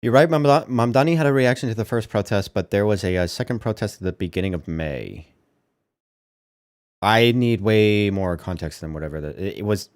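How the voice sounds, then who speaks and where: A man's voice: lowish voice, animated, fairly quick, no echo, studio quality. A man streaming, reacting in offhand, profane asides to chat and a video. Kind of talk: casual stream commentary.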